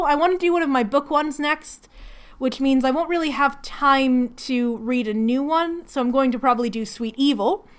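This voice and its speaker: Chatty high-voiced woman vlogger. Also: clear, resonant tone. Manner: chatty, rambling, laughs often. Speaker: craft vlogger hosting a hangout. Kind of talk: casual chat while crafting. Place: home.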